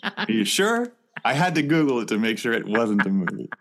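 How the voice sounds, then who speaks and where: A man joking around on an improv comedy podcast, playful and quick with jokes. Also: medium pitch, sing-song, fairly bright tone. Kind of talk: improv scene and banter.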